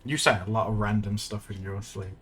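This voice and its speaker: A man's voice: fairly low pitch, steady tone, fairly quick, fairly bright tone, soft background music. A man chatting casually while streaming his art, rambling and laughing often. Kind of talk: casual live-stream chat.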